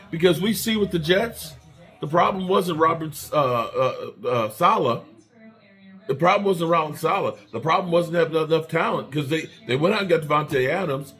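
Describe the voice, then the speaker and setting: A man's voice: fairly high pitch, expressive, moderate pace, fairly bright tone, faint music behind. Fired-up man ranting about his team. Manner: heated, swearing, repetitive. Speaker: fan channel host. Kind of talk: angry fan rant commentary.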